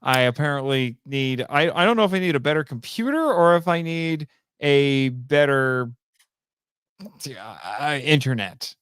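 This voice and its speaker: Casting: relaxed, good-humored male host, smooth clear tone, dry close sound. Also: medium pitch, measured pace, no room sound. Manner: easygoing, laughs often. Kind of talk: casual livestream chat.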